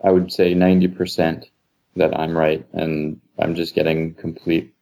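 A man calling in to an advice show who speaks hesitantly and pauses often with "um" and "uh". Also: extremely low pitch, flat delivery, creaky, warm tone. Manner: hesitant, halting, many ums. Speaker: caller. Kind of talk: call-in advice talk.

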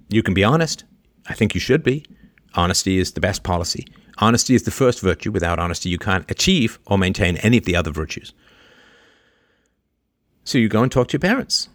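A man hosting a livestream and answering a listener's question in a long, opinionated monologue. He lectures emphatically, repeats his key lines, and swings between loud sarcastic jabs and quieter asides. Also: on the low side, very animated, a little fast, dry recording, clean studio sound.

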